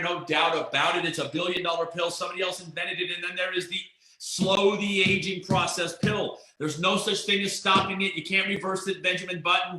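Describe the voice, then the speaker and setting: A man giving an excited, emphatic network marketing pitch on a webinar, often repeating himself. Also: echoey room, poor audio. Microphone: computer mic on a webinar.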